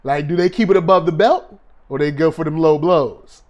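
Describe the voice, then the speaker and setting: A man co-hosting a casual relationship talk show with his wife, laid-back and quick to laugh, reading viewer comments aloud. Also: fairly high pitch, darkish tone, dull audio. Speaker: podcast co-host. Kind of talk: casual chat.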